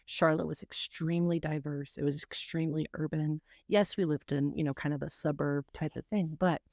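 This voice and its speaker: A woman's voice: low voice, fairly even intonation, brisk, vocal fry, darkish tone, no echo, studio quality. A woman from North Carolina co-hosting a podcast, asking casual interview questions in a chatty way with lots of fillers. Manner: chatty, many fillers and asides. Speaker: podcast co-host.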